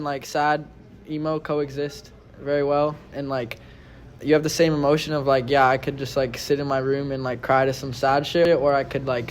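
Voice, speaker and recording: A man's voice: fairly high pitch, slight background noise. A young man from New York City, a band member, talking casually and bluntly with lots of swearing. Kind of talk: casual interview chat. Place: busy pizza shop. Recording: crowd chatter behind.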